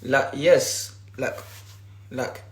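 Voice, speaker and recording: A young man hosts a casual livestream, ranting at viewers in repetitive slang as he talks into a phone. His mid-range voice holds a steady tone and moves very slowly, and the room sounds echoey.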